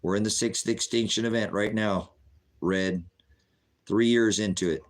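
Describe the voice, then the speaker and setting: A man's voice: fairly low pitch, fairly even intonation, a little slow. A middle-aged man preaching bluntly on a livestream, answering viewers' chat questions in a combative, sermonizing way.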